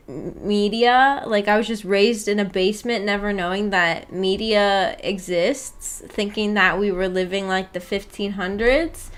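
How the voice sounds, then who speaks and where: A woman's voice: medium pitch, a bit bright. A woman streamer chatting casually with her live viewers, rambling and giggling as she reads chat aloud. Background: faint background music.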